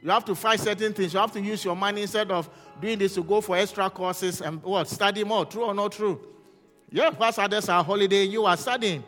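Fervent high-voiced male pastor preaching. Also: fairly even intonation, a little fast, long reverb tail, soft background music. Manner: fervent preaching, rising to shouts, asks the congregation questions. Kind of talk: sermon.

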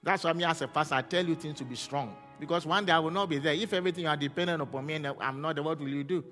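Fervent high-voiced male pastor preaching. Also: racing, big-room sound, soft background music. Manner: fervent preaching, rising to shouts, asks the congregation questions. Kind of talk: sermon.

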